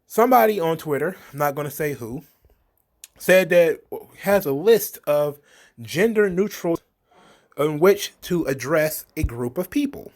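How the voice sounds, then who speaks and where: A man's voice: fairly high pitch, animated, a little slow, a little mellow. A man hosting an opinion commentary, talking with sarcasm and scorn, slipping into a mocking sing-song when he quotes others. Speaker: commentary host.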